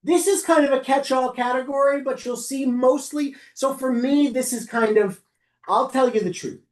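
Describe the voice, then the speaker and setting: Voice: sits high, normal speed. A rabbi giving an instructional class talk to lay service leaders, conversational and often correcting themself mid-sentence. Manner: conversational, with frequent self-corrections and asides.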